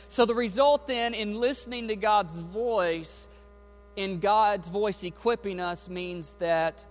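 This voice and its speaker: Slow and high-pitched, a man delivers an emphatic sermon as pastor in a church sanctuary, throwing questions out to the congregation in call-and-response fashion. Faint music and a mains hum can be heard behind him.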